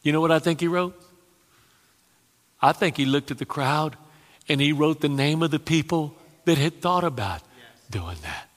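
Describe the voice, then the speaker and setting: A man preaching a sermon, telling stories with dramatic pauses and chuckling asides. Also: a little high, animated. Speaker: pastor. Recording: long hall reverb.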